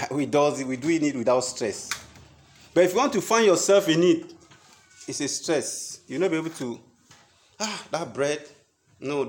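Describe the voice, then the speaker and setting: A man, a pastor, preaching a sermon in a lively storytelling way, acting out the people he quotes. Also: medium pitch, a little hiss or hum.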